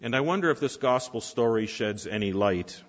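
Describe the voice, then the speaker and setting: A man's voice: medium pitch, animated. Man, pastor, sermon, rhetorical questions, long hall reverb, lo-fi sound. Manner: rhetorical questions, dramatic pauses. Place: church sanctuary.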